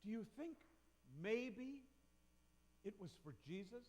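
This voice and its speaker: Brief: male pastor, high voice, slow and questioning sermon delivery, long church reverb. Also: expressive, darkish tone. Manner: reflective, asks the congregation questions. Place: church sanctuary.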